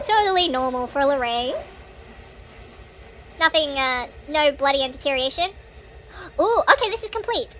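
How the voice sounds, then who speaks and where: A woman hosting a gaming channel, giving chatty, excitable let's-play commentary with nervous laughs. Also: sits high, normal speed, long pauses, a little hiss or hum.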